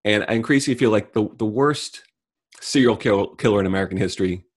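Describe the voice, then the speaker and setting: A middle-aged man co-hosting a casual comedic chat, delivering deadpan mock rants. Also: fairly low pitch, fast, husky. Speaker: podcast co-host.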